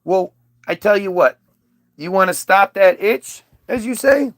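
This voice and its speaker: A man's voice: high voice, lively intonation, unhurried, a bit bright, no room sound, studio quality. A man voicing a sly, wheedling talking snake who coaxes and whispers. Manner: wheedling, conspiratorial.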